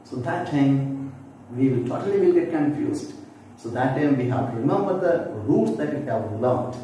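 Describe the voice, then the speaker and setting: A man's voice: medium pitch, expressive, moderate pace, mellow. A man teaching a lesson, patiently explaining and repeating example words aloud for practice. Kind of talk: classroom-style explanation. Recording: very echoey room, distant mic, faint background noise.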